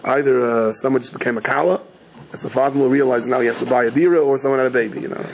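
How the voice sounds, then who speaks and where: A middle-aged man giving a sermon as a rabbi, telling stories in a rapid, chatty, joking way. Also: mid-range voice, fairly even intonation, rough recording. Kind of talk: sermon with humorous storytelling.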